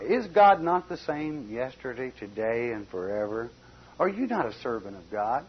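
A man preaching a folksy expository sermon, swinging between loud emphasis and quiet asides. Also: mid-range voice, breathy edge. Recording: dull lo-fi recording.

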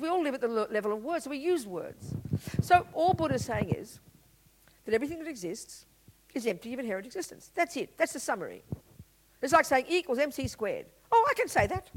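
A woman's voice: fairly high pitch, slight background noise, low-quality recording. A woman giving a Buddhist teaching talk, blunt and emphatic, full of rhetorical questions. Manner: blunt and lively explaining.

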